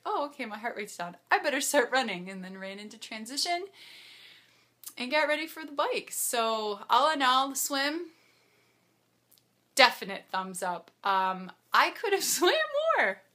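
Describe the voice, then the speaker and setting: Bright, bubbly woman, chatty vlog recap with frequent laughs. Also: medium pitch. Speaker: triathlete vlogger.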